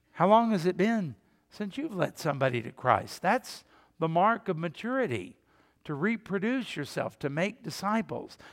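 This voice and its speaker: A man's voice: high voice, big-room sound. An older man, a pastor, preaching a conversational sermon, asking the congregation questions and putting on mock voices. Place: church sanctuary.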